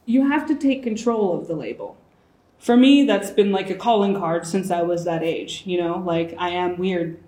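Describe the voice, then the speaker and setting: In an echoey room, a woman in her early twenties chats freely as a guest in a casual conversation. Her voice is mellow and on the low side, at a normal pace, and she acts out the voices of the people she quotes.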